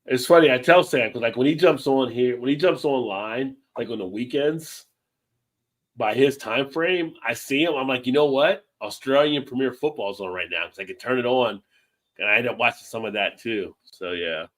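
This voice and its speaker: A man's voice: mid-range voice, moderate pace, a bit bright. A man hosting a casual livestream chat over beers, rambling and laid-back, swearing now and then. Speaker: livestream host.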